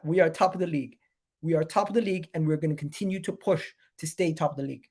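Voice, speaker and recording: A man hosts a live football reaction stream with a stuffy, nasal voice from a cold. His voice sits a little high and has a gravelly edge. He hammers home each point by repeating it with hyped conviction. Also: fast, dark tone. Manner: repetitive, emphatic, hyped. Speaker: football fan channel host.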